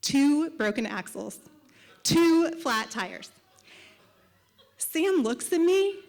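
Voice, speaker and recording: A woman telling a funny personal story at a live storytelling show, with animated comic timing and punchy asides, into a stage microphone. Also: high-pitched, drawn-out words, pauses often.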